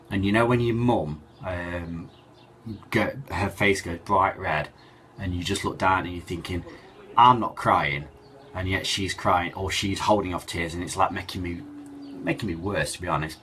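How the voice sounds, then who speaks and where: A man telling a personal story in a halting, emotional way, with many fillers and restarts. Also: deep voice, a bit bright, slight background noise. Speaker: cancer survivor telling his story.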